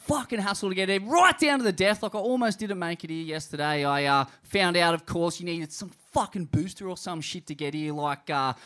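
An Australian man hosting a crude comedy surf podcast, swearing freely through long rambling stories. His voice sits very high and rings bright and forceful, and he shouts often. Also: brisk, hardly any pauses. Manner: foul-mouthed rambling storyteller, shouting often. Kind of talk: crude comedic surfer banter. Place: in front of a live crowd.

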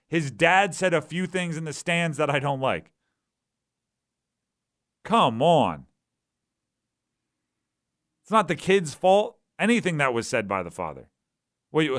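A man hosting a sports talk radio show, animated and acting out voices as he argues his points. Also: a little high. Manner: animated, acts out quoted voices.

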